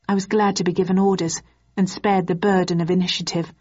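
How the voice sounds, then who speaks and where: A woman reading a first-person novel aloud in a measured, even storytelling manner. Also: fairly low pitch, breathy edge, dull audio. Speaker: audiobook narrator.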